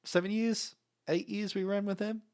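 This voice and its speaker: A man doing gruff teasing sailor twins. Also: sits high, flat delivery, normal speed, a little mellow, voice pushed up.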